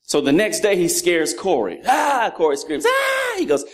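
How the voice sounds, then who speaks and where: This is a high-pitched male voice at normal speed, belonging to a man in his thirties giving a sermon. Animated and funny, he mimics his children's voices as he mixes stories about his sons with fatherhood lessons.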